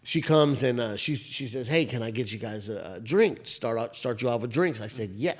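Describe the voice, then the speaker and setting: A man in his thirties co-hosting a podcast, retelling a story in a rambling, animated way with lots of restarts and swearing. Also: medium pitch, normal speed. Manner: rambling, animated retelling with many "I was like" asides; frequent restarts and profanity. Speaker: podcast co-host. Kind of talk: casual storytelling chat.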